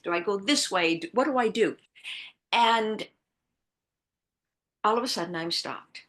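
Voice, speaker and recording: A woman author from the American Midwest, telling a personal story in a podcast interview, earnest and reflective, dropping to a hush and then rising with emphasis. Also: medium pitch. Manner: earnest, reflective, shifting between hushed and bursting emphasis. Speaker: author guest.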